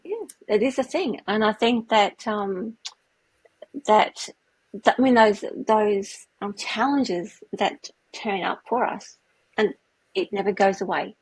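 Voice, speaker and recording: A woman co-hosting a podcast in casual chat, reflective and quick to agree. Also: medium pitch, husky, no echo, rough recording. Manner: reflective, agrees often with "yeah". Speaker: podcast co-host.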